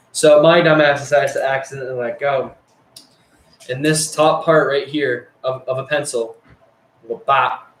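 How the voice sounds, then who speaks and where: A young man with a fairly high, slightly bright voice casually relates something from his school days, with slight background noise in an echoey room. He meanders, swears freely, and uses many fillers.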